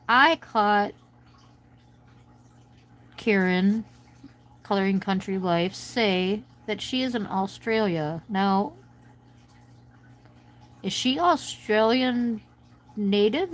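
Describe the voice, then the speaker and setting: Here the same kind of scene plays out slowly: a US woman hosting a relaxed coloring stream from home, rambling to her audience as she colors, with long pauses between thoughts. Her voice sits in the middle range, and the recording quality is low.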